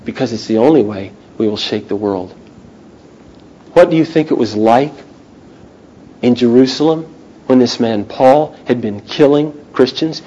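A man in his thirties preaching an impassioned sermon to students, swinging between loud urgency and hushed intensity. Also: mid-range voice, unhurried, long pauses, rough recording. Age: 30s.

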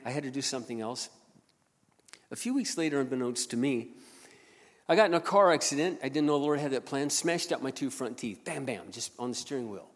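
Male pastor telling a story, big reverb. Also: mid-range voice. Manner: animated, swings from loud to hushed. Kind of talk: sermon storytelling.

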